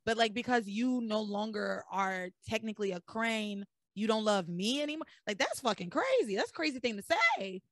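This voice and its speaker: Animated woman podcast host. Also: on the high side, moderate pace, hardly any pauses, no room sound, studio quality. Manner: animated, blunt, swears and laughs. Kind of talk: casual recap chat.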